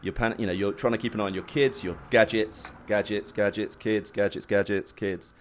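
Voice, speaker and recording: A man's voice: lowish voice, steady tone, moderate pace, slight background noise. A man chats loosely on a talk show. He tells his stories in a rambling way, restarting his sentences and breaking into laughs. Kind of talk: casual chat.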